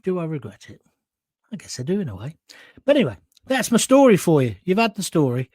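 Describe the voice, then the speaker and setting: A man's voice: high voice, wildly swooping pitch, quick pace, darkish tone, no echo, studio quality. A middle-aged man hosting, telling a rambling story with frequent swearing, restarts and asides. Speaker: host. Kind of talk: casual storytelling monologue.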